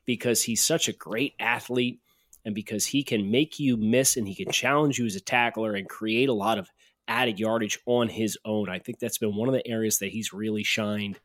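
A man's voice: on the low side, fairly even intonation, moderate pace, fairly bright tone, no echo, clean studio sound. A man co-hosting a podcast with casual, opinionated sports talk that builds into rants. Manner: opinionated, ranting. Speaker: podcast co-host.

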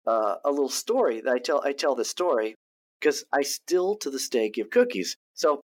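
A man of ordinary pitch tells a story as a podcast guest. He talks casually and often stumbles into restarts and repeated words as he builds the tale. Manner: animated anecdote-teller who restarts and repeats words. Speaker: guest, TV producer and director.

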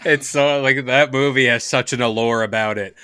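A man co-hosting a casual podcast chat, relaxed, with many "like" fillers. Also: medium pitch, normal speed, slight background noise. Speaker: podcast co-host.

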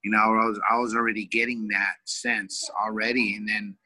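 A man in his forties from California tells an emotional story as a guest, rambling and leaning on fillers. His voice is very bright and forceful, and it sits a bit low. It is recorded close and dry, with no room sound. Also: little pitch movement, a little fast, no room sound, rough recording. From California, USA. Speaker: wrestling coach, guest. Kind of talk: heartfelt personal storytelling.

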